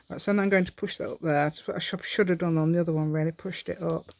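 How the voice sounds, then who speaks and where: A woman's voice: fairly low pitch, steady tone, fast, creaky, few pauses, darkish tone, dry recording. A woman hosting a step-by-step craft tutorial, chatting to herself and the viewer with rambling, giggly asides. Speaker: craft channel host.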